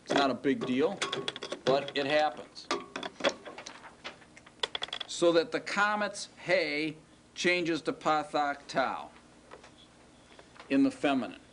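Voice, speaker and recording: A man's voice: on the high side, animated, slow pace, long pauses, a bit bright, slight background noise. A middle-aged man teaching a classroom lecture, explaining patiently step by step and checking that his students follow. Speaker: Hebrew teacher.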